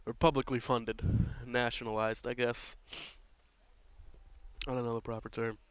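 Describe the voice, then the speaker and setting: A man's voice: mid-range voice, little pitch movement, a little slow, fairly bright tone, smooth. A man doing casual, rambling play-by-play for a local baseball game, drifting into offhand jokey asides.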